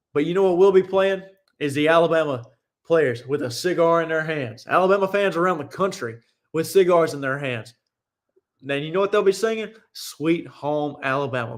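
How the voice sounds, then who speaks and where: A young man hosting a sports talk show, giving casual, opinionated and rambling commentary with frequent restarts. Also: fairly high pitch.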